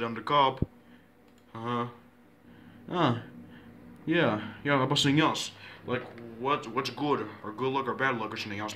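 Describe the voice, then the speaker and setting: A man rambles through a playful home video, restarting his sentences and trying on silly introductions. His voice is bright and forward at a middling pitch, over a faint hiss of background noise. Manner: halting, repeats words, silly pretend introductions.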